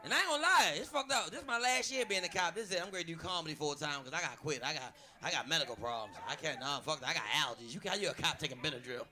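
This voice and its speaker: A man performing a crude stand-up comedy set, telling loud stories on a club stage. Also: a little high, animated, very fast, hardly any pauses.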